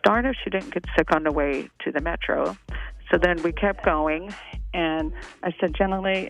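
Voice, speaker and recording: A woman's voice: on the low side, moderate pace, vocal fry. A woman in her fifties from Virginia calling in to a radio show, telling a story in a chatty, emotional way over a phone line. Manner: chatty, emotional, laughing often. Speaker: caller. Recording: phone line with faint music.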